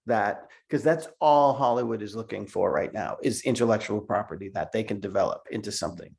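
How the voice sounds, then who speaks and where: A man's voice: on the low side, a little fast, creaky, a little mellow. A middle-aged man, a cartoonist, telling stories in a casual interview over a video call, laughing often and repeating words as he goes. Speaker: cartoonist guest.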